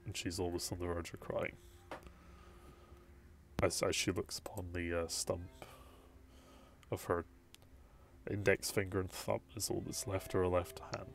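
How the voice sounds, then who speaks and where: Man, game master, very deep voice, relaxed casual narration with swearing. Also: measured pace, gravelly, long pauses, slight background noise.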